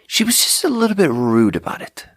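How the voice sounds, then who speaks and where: Speaking a little fast in a slightly high voice, this podcast host rambles through an animated story packed with fillers and restarts. The sound is clean and studio-made, with no room sound at all.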